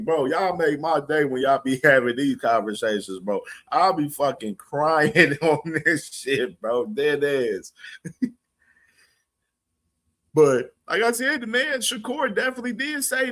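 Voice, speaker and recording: Laughing, slangy boxing stream host. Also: male voice, on the high side, animated, unhurried, a bit bright. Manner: laughs a lot, slangy and profane, talks to chat. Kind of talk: casual live-stream commentary.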